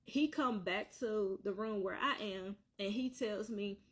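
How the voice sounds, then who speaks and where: A woman's voice: medium pitch, a little slow. A woman telling her own painful story on a vlog, earnest and repetitive, circling back to the same points. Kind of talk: emotional personal storytelling.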